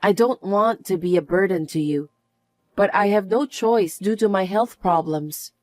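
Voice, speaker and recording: A woman's voice: medium pitch, a little slow, a little mellow, no echo, clean studio sound, faint music behind, close to an everyday voice. A woman voicing an elderly mother-in-law who needs care, speaking plaintively in a narrated family drama. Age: older. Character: elderly mother-in-law needing care, meek, then suspicious.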